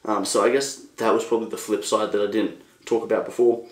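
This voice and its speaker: A young Australian man hosting a casual solo podcast, rambling and animated, swearing freely. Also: on the low side, fast, reverberant. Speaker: podcast host.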